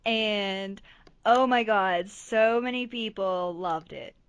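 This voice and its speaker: A woman's voice: mid-range voice, takes it slowly, clean tone, dry recording. Bubbly young woman, dry close sound. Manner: bubbly, excitable, laughs often. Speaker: podcast co-host. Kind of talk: casual chat.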